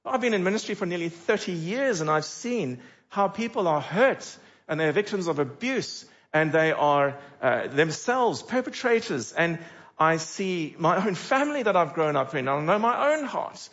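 A middle-aged male pastor delivers a sermon with a fairly high voice and lively rhetorical questions. The recording is slightly dull and lo-fi. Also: normal speed. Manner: animated, with dramatic rhetorical questions.

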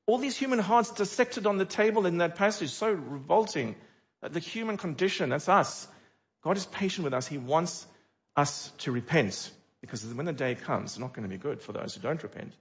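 A middle-aged male pastor delivers a sermon with a fairly high voice and lively rhetorical questions. The recording is slightly dull and lo-fi. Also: moderate pace. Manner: animated, with dramatic rhetorical questions.

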